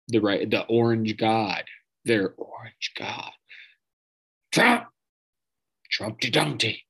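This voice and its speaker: In poor audio, a man with a mid-range voice hosts a podcast and rants about politics, swearing freely, dripping sarcasm and ridiculing those he criticizes.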